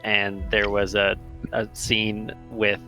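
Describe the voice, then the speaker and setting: A man's voice: fairly low pitch, monotone, slow pace, bright, forceful tone, soft background music, rough recording. A man chatting with friends before a tabletop game in a dry, understated way.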